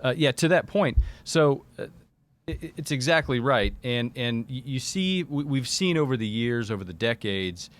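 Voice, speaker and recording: A man hosting a live talk show, rambling and animated, repeating words as he builds a point. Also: medium pitch, normal speed.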